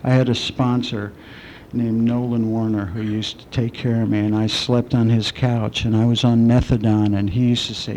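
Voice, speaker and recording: A middle-aged man speaking at a recovery meeting, telling his own story with candid, self-mocking dark humor. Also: medium pitch, little pitch movement, moderate pace, slight background noise. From southwestern United States. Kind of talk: personal recovery talk.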